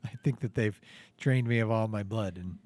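A man's voice: fairly low pitch, moderate pace, a little mellow. A man hosting a comedy podcast, talking in a dry, theatrical, self-mocking way. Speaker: podcast host. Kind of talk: comedic improvised banter.

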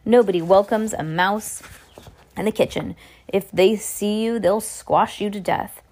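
A woman reading as a brisk loving grandmother. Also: medium pitch, darkish tone, natural voice. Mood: measured.

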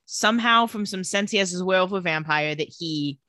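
Bright, chatty young woman recapping. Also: fairly low pitch, brisk, no room sound. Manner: chatty storytelling. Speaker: podcast co-host. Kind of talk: casual episode recap.

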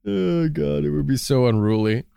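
A man co-hosting a podcast in casual chat, animated and swearing often, with jokey put-on voices. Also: on the high side, normal speed, creaky, slight background noise. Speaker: podcast co-host.

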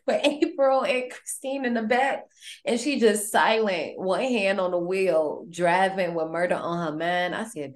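A woman hosting a podcast, recapping a horror movie in casual, animated, profane slang. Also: medium pitch, a little slow. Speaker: podcast host.

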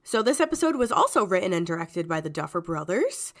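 A woman's voice: fairly low pitch, brisk. A woman co-hosting a podcast in casual chat. She sounds congested from a cold and laughs often as she talks. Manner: giggly, chatty, lively. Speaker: podcast co-host.

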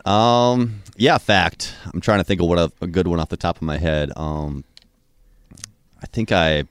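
Male, 30s, deep and relaxed sports radio co-host, dry sound. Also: no room sound. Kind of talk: casual sports radio chat.

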